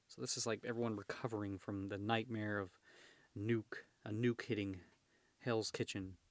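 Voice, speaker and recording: A man's voice: lowish voice, fairly even intonation, normal speed, no echo, studio quality. A man hosting a casual comic read-along at home, breaking off for chatty, rambling asides full of fillers. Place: home room with his cat.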